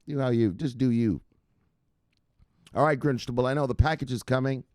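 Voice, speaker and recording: A man hosting a casual crypto news livestream, joking and cursing as he gives animated shout-outs to viewers. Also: medium pitch, normal speed, no room sound, clean studio sound.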